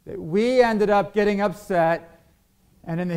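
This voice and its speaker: Male pastor, sermon delivery, questions to his congregation, slightly higher voice. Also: a little slow, a little mellow, smooth. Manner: asks the congregation questions, acts out quoted arguments.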